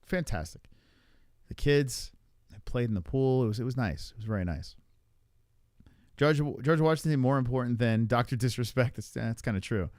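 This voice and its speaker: A man's voice: mid-range voice, lively intonation, normal speed, pauses often, a little mellow, no echo, clean studio sound. A man hosting a live stream, chatting casually and reacting to viewer comments with swearing, laughter and rambling restarts. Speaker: livestream host.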